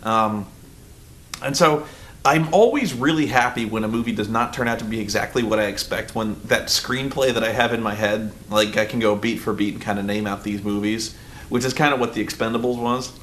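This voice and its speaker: A man's voice: on the low side, fairly quick, a bit bright, a little hiss or hum. Rambling man reviewing a movie. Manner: rambling and loose, full of "like" and swearing. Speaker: film reviewer. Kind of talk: casual spoken movie review.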